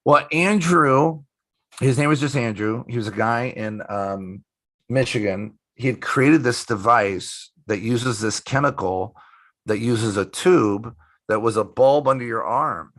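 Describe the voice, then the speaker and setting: Middle-aged man, bright and punchy, casual storyteller who swears and acts out quotes; interview guest. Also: mid-range voice, unhurried. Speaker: magician guest.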